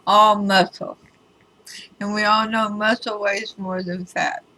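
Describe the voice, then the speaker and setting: Slow-talking bright-voiced tarot reader woman. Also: mid-range voice, level tone, poor audio. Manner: chatty and emphatic, with wry asides. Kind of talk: casual spoken tarot reading video.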